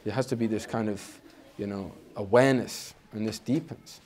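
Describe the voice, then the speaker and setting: An Islamic teacher gives an informal spiritual lecture at normal speed in a darkish tone. He talks conversationally, often repeats a word to start a phrase, and acts out inner voices with sudden pitch jumps.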